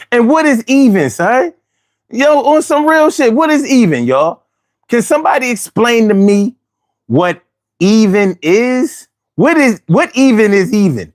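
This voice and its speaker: Man, livestream host, casual slangy chat, repeats phrases, high animated voice, unhurried delivery. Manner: slangy, repeats phrases, asks the audience rhetorical questions.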